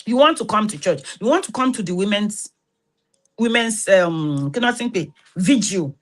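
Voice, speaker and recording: A woman with a Nigerian Yoruba accent, hosting an animated spoken talk that mixes in Yoruba and preacher-like rises, ending in prayer. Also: mid-range voice, moderate pace. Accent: Nigerian, Yoruba-influenced. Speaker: host and massage therapist.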